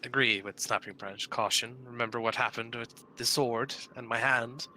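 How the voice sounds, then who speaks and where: A man playing a tabletop game, speaking hesitantly and filling pauses with "uh". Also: mid-range voice, fairly even intonation, bright, forceful tone, a little hiss or hum, rough recording. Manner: hesitant, full of fillers. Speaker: player. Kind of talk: casual tabletop play.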